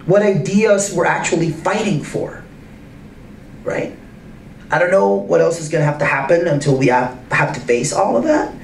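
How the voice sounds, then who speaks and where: A man speaking to a live audience in an arts center, emphatic and full of rhetorical questions, his pitch swinging widely. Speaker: guest speaker in a public conversation. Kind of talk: animated talk to a live audience. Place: arts center event space. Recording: roomy and distant with faint noise.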